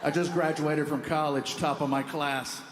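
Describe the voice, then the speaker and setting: A man doing stand-up comedy, telling stories in an animated way and laughing often. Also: fairly high pitch, moderate pace, heavy background noise. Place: comedy stage before a live audience.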